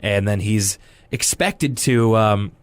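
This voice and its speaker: A man's voice: lowish voice, slow, dry recording. A young man co-hosting a podcast, casually recapping a cartoon episode with jokes and rambling asides. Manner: rambling, joking, animated quoting. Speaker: podcast co-host.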